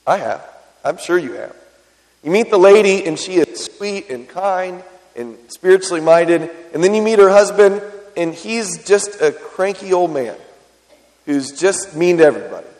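High-voiced man preaching in a hall. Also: a little mellow. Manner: conversational preaching with frequent questions to the congregation. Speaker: pastor. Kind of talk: sermon.

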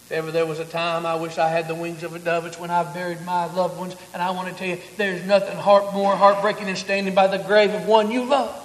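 A man preaching a sermon, swinging from hushed, quiet passages to loud, emphatic declarations. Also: sits high, flat delivery, a little fast, hardly any pauses. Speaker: pastor. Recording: echoey hall.

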